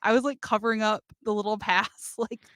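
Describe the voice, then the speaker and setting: A woman's voice: mid-range voice, steady tone, a little fast, fairly bright tone, no echo, clean studio sound. A woman co-hosting a podcast, telling a story in casual chat and laughing as she goes. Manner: chatty, laughs while telling stories. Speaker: podcast co-host.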